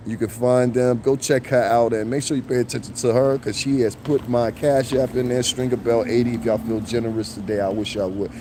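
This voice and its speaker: A man's voice: medium pitch, fairly quick, few pauses, a little hiss or hum. A middle-aged man with a New York accent, ranting casually and animatedly on a live stream, outdoors in the snow. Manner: animated, profane, slips into mocking impressions.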